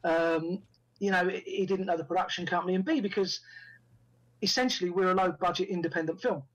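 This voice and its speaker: Husky man telling a story. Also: sits high, fairly even intonation, fairly quick, fairly bright tone, low-quality recording. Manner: anecdotal, acts out quoted dialogue. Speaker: guest, actor and first-time film director. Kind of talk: casual storytelling in an interview.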